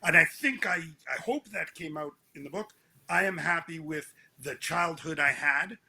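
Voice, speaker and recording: A middle-aged man, an author being interviewed, speaking reflectively in halting, restarting phrases, with a husky voice. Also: a little high, sharp tone. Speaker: author guest.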